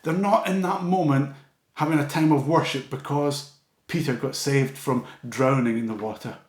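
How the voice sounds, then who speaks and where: A man preaching a sermon in a church, earnest, often dropping to a soft, low voice for emphasis. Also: normal speed, reverberant.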